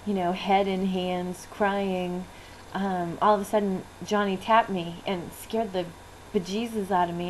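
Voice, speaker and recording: A woman in her thirties, a business coach, telling a candid personal story with fillers and soft laughs, near tears as she talks. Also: mid-range voice, slight background noise, poor audio. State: close to tears.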